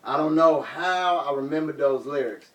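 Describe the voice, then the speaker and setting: Male spoken-word poet, slightly high voice, rhythmic rap-style phrasing, live reading in a bookshop, caught by a room mic from a distance. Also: moderate pace. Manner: rhythmic, rap-like delivery with sudden loud shouts. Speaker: poet reading his work. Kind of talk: live performance reading of poetry and prose. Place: bookshop reading in front of an audience. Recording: roomy sound, mic far off.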